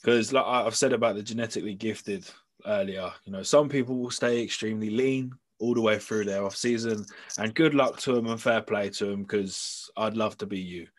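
Measured man explaining. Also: lowish voice. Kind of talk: casual chat.

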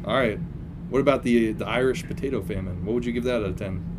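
A man's voice: mid-range voice, quick pace, background noise. A man co-hosting a comedy podcast, incredulous and laughing often as he questions his guest. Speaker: podcast co-host.

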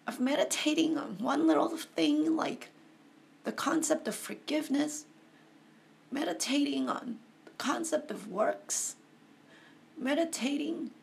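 A woman reads aloud at home and breaks off into her own rambling, heartfelt remarks. Her higher voice has a gravelly edge. She takes her time over every phrase. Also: a little hiss or hum. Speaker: reader giving commentary. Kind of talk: casual reading with personal commentary.

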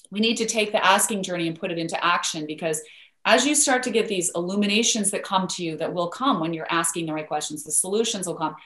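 A woman's voice: medium pitch, fairly bright tone. Earnest woman coaching, roomy sound. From United States. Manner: earnest, instructive, repeats for emphasis. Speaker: guest author. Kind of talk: motivational coaching talk. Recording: roomy echo.

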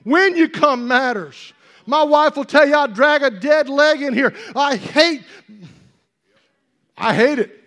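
A male pastor preaching a sermon with emphatic, repetitive phrasing that rises toward shouting. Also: high voice.

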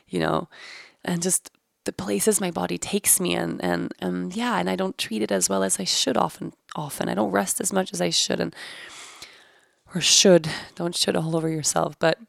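A woman's voice: fairly low pitch, creaky, no echo, clean studio sound. A woman in her thirties, hosting a podcast, candidly and searchingly recounting a personal experience and swearing casually. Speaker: podcast host. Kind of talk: reflective personal storytelling.

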